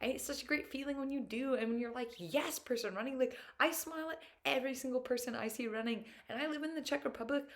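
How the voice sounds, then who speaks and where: A woman's voice: sits high, quick pace, hardly any pauses. A young woman talking to camera in a casual reflective monologue, chatty and upbeat, full of filler words and open about her feelings. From United States. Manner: earnest and openly emotional at times. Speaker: vlogger.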